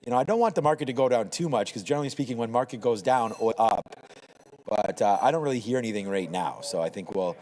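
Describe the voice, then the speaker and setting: A man's voice: mid-range voice, lively intonation, quick pace, darkish tone, in a large hall, poor audio. A man hosting a live trading show, talking through charts in a casual, rambling way with lots of fillers. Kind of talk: live market commentary chat.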